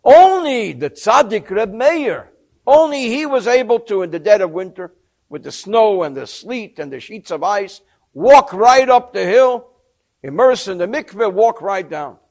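High-voiced man teaching a sacred text. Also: measured pace. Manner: lively storyteller, mixes Hebrew and Yiddish terms with English translation. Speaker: Torah teacher. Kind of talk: storytelling lecture on a sacred text.

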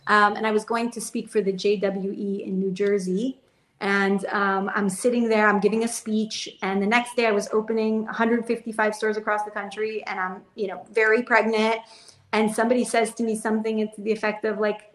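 A woman's voice: mid-range voice, flat delivery, fairly quick, fairly bright tone, roomy sound. A young adult woman, a business owner, talking earnestly and at length as an interview guest, often laughing as she speaks. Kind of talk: casual interview chat.

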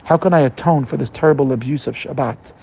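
A man's voice: mid-range voice, quick pace, creaky, dark tone, slightly rough. A man voicing a remorseful, middle-aged man who confesses his wrongdoing to a rabbi and pleads for forgiveness. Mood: pleading. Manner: pleading, emotional.

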